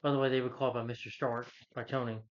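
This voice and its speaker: A man's voice: medium pitch, level tone, fast, lo-fi sound. A man casually recapping a film. He rambles, corrects himself and retells scenes with quotes. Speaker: film reviewer.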